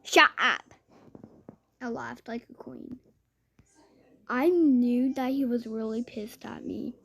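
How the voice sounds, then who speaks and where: Slow rambling woman telling a story, kinda high voice, lots of ums and restarts. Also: steady tone, vocal fry, dark tone, slightly rough. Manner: chatty, rambling, many fillers and restarts.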